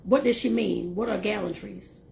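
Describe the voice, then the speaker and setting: A woman reading a novel aloud and breaking off for lively, chatty asides to her listeners. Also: mid-range voice, normal speed, gravelly, a little hiss or hum. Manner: lively, laughs and talks to listeners directly. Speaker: host and reader.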